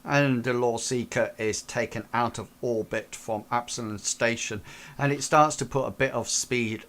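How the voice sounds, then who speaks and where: A man narrating as game master of a tabletop role-playing game, talking hesitantly with many pauses and restarts. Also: fairly low pitch, a bit bright, a little hiss or hum.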